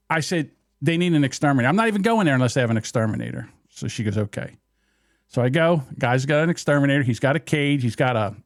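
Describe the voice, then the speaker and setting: Lively, laughing storyteller man. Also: mid-range voice, dry recording, clean studio sound. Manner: animated storyteller, swears freely, laughs through his own story. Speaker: podcast co-host. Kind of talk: casual chat.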